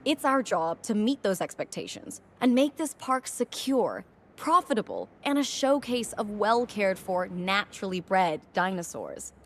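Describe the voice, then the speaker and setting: An actress playing an ambitious corporate executive in a video game, speaking in a crisp, businesslike and assertive way. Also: female voice, medium pitch, sing-song, normal speed. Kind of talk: scripted game voice acting.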